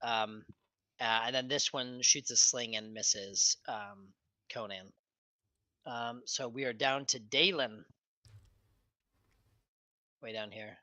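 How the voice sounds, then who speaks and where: A man with a bright, clear voice runs a tabletop game on stream. He talks in a relaxed, meandering way, full of ums and uhs. The sound is dry and close. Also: medium pitch, slow pace, pauses often, no echo. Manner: relaxed, meandering with many fillers. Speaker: game master.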